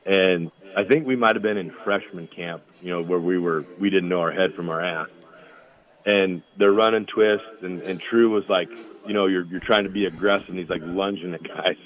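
This former college football lineman has a deep voice and speaks at a moderate pace. He rambles through casual stories on the phone, laughing as he goes, and the line sounds tinny.

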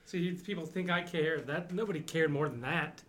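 A man with a fairly high voice reacts in a relaxed podcast conversation, dry and self-deprecating in his asides. He speaks plainly, with no put-on voice. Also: normal speed. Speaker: departing podcast regular. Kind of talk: casual chat.

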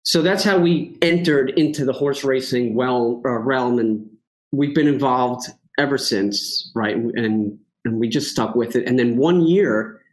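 A man's voice: mid-range voice, unhurried, rough recording. A man with a New York accent, a horse racing handicapper chatting as a guest in a casual podcast interview. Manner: chatty, storytelling with frequent fillers and laughs.

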